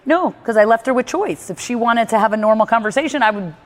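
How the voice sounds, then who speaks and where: A woman's voice: fairly high pitch, fast talker, big-room sound. A woman giving candid one-on-one advice in a blunt, emphatic way, swearing freely. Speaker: personal growth speaker coaching a listener.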